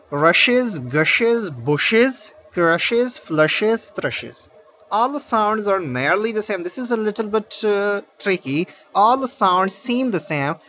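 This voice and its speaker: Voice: mid-range voice, a bit bright. A teacher explaining poem exercises, patiently reading out word lists one by one. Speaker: English teacher. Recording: dull lo-fi recording.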